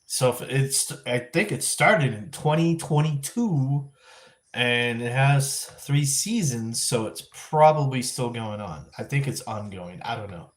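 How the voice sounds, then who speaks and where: A man hosting a live vlog stream, chatting casually and thinking out loud with lots of restarts and self-corrections. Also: medium pitch, measured pace. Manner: rambling, thinking aloud with frequent restarts. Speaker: livestream vlog host.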